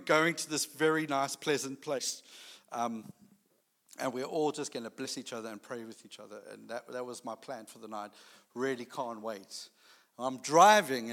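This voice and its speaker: Animated storytelling preacher in a reverberant hall. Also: male voice, on the high side. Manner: animated storytelling, acting out dialogue. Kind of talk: sermon storytelling.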